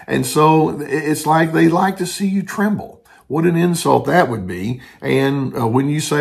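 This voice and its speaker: Gravelly older male therapist explaining. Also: on the high side, big pitch swings, normal speed, a little mellow. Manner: earnest, explanatory, quotes others in brief asides. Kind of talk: talking-head explainer.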